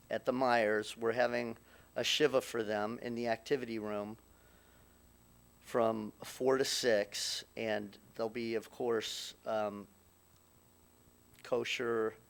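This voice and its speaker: A middle-aged man giving a eulogy for his mother at a funeral, speaking haltingly with many restarts and pauses, at times choked up. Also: mid-range voice, gravelly. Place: funeral chapel.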